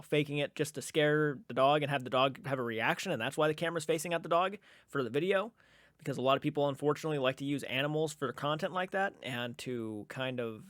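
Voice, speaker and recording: A man's voice: fairly high pitch, fairly bright tone, no room sound, clean studio sound. A man hosting a reaction video, giving casual commentary and thinking aloud hesitantly with many fillers.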